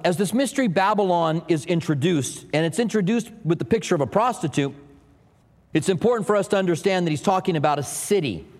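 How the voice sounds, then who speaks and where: A man's voice: fairly high pitch, darkish tone. A man preaching a sermon as pastor, teaching with asides and light humor to the congregation. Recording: long hall reverb.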